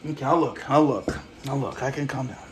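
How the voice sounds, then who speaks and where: In an echoey room with faint background noise, a man livestreams a casual, profane rant, agitated and speaking directly to his chat. His voice is mid-range and a little fast.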